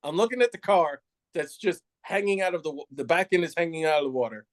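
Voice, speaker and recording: A man's voice: a little high, fast, dry recording. A middle-aged man, a retired police officer from New York City, telling a candid story with frequent laughs and acted-out lines. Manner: animated, laughs often, acts out others' lines.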